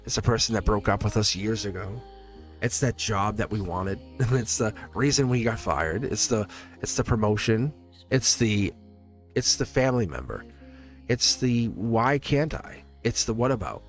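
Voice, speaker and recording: A man reading tarot on a livestream, talking to his viewers in a loose, rambling way with frequent chuckles. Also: lowish voice. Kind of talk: casual livestream chat.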